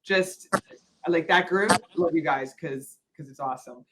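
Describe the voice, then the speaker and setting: A woman's voice: sits low, unhurried, very noisy. A woman veterinarian hosting an interview, talking casually and rambling, correcting herself often with lots of fillers. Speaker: veterinarian host.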